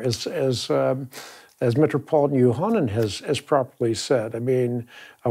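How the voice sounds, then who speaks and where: A man's voice: medium pitch, creaky, a little mellow, husky. A man hosting a round-table discussion, explaining earnestly and emphatically, often repeating words as he restarts. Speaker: host.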